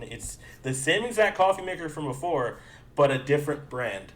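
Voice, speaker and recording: A young man co-hosting a podcast spins a long, rambling story in casual conversation, cursing freely and acting out both sides of an exchange. His medium-pitched voice is sing-song and moderately paced, with a slight hiss or hum in the background.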